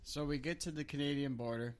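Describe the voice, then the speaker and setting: A man's voice: on the high side, quick pace. Laughing, swearing young man telling a story. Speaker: podcast host. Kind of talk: casual storytelling.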